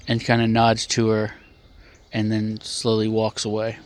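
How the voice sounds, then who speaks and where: A man telling a story in a casual, plainspoken, unhurried way, with a few restarts. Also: lowish voice, monotone, darkish tone.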